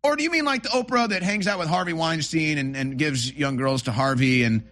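A man's voice: a little high, fairly quick, fairly bright tone. A man hosting political commentary, reacting to clips in a sarcastic, mocking way. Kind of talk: opinionated commentary over clips.

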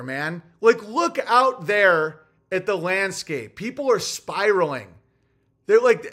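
Male comedian-streamer, high pitched, ranting and cursing, loud then muttering. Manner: profane, ranting, swings from loud bursts to low muttering. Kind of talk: casual livestream monologue.

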